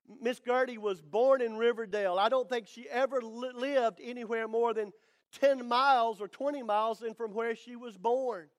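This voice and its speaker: A man preaching a sermon as pastor, building to emphatic declarations with dramatic pauses. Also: extremely high pitch, fairly even intonation.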